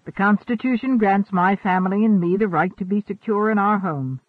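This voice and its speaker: Male reader as a steadfast Quaker farmer, courteous and calm, old-fashioned speech, phone-thin sound. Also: high voice, moderate pace, no room sound, narrow, tinny audio. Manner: calm, courteous, archaic thee-and-thou speech.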